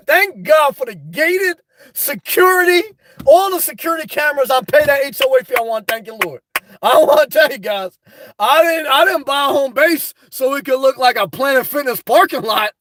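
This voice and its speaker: An extremely high-pitched man runs a livestream from his car, reading out what viewers write. His replies are blunt, and he frequently breaks into loud rants full of laughter.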